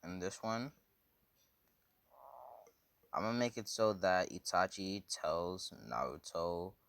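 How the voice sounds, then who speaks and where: A man's voice: sits low, slow, a bit bright, no echo. A man casually telling a fan story, rambling and slangy with lots of fillers.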